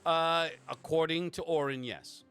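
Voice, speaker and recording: A man's voice: a little high, fairly even intonation, unhurried, a bit bright, soft background music. A man running a tabletop game as game master, casual and swearing, with frequent restarts.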